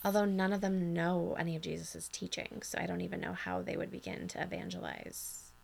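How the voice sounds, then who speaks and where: A woman's voice: on the low side, steady tone, fairly quick, vocal fry, slight background noise. A woman co-hosting a podcast, casually recapping a TV episode and recounting scenes at length. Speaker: podcast co-host.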